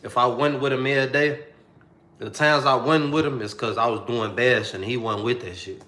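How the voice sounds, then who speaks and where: A man's voice: medium pitch, fairly even intonation, brisk, pushed and bright, echoey room. A young man telling a personal story to the camera in a slangy, repetitive, heartfelt way.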